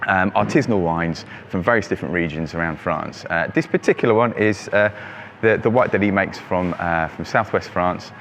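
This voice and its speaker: In a shop with traffic audible outside, a male wine shop host presents the monthly selection in a casual, um-filled product talk. His voice is lowish and a bit bright, with a little hiss or hum on the recording.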